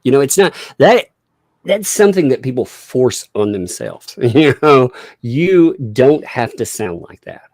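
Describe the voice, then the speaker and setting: A man's voice: medium pitch, big pitch swings, measured pace, darkish tone, dry recording, clean studio sound. A man hosting a live stream, chatting casually with lots of fillers and frequent laughter. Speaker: livestream host.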